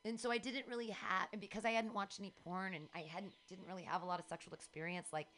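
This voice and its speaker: A middle-aged woman hosting a casual chat, telling frank stories in an animated way, with faint noise behind. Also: mid-range voice, fast talker. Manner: candid, animated storytelling with acted quotes.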